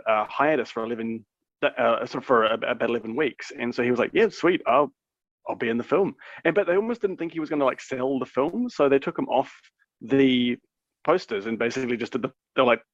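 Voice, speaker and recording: A man's voice: mid-range voice, no echo, highs cut off. A British man co-hosting a podcast, telling stories in a rambling way full of "like" and "um". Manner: rambling, lots of "like" and "um". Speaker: podcast co-host. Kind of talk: casual podcast chat.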